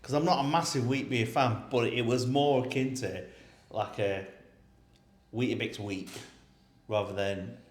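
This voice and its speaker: A man co-hosting a podcast in casual chat, rambling and often breaking into laughter. His voice sits at an ordinary middle pitch. The room around him is echoey. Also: steady tone, measured pace. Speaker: podcast co-host.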